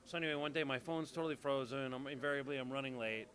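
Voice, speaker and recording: Bright-voiced man telling a lively story. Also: medium pitch, quick pace. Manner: animated storytelling, acts out quotes loudly. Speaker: soap opera actor. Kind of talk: casual anecdote to an interviewer.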